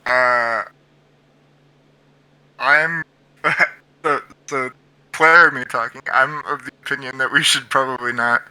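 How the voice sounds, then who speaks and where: A man's voice: mid-range voice, fairly even intonation, slow pace, pauses often, pushed and bright, clear, resonant tone, no echo. A man playing in a tabletop game, asking questions hesitantly, full of fillers and restarts. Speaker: player.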